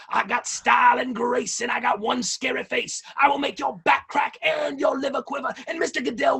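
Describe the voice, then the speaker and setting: A man doing a shouting wrestling manager. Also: very high voice, gravelly, slightly rough, voice pushed up, heavily acted. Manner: shouted boastful rhyming trash talk. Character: brash loud wrestling-promo manager, male adult.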